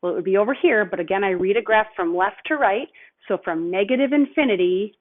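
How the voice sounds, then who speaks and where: A woman teacher explaining a math lesson patiently, step by step, slowing down on key terms. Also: medium pitch. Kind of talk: recorded video lesson. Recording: tinny phone-like audio.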